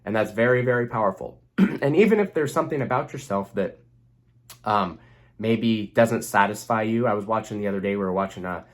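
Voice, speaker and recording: A man's voice: fairly low pitch, brisk. A young man speaking earnestly as a relationship coach, giving a motivational self-help talk to the camera and repeating phrases for emphasis.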